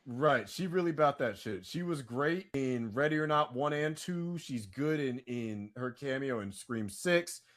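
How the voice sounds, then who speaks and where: A man co-hosting a casual pop-culture podcast, chatty and prone to loud bursts of hype. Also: mid-range voice, animated, measured pace, few pauses. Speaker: podcast co-host.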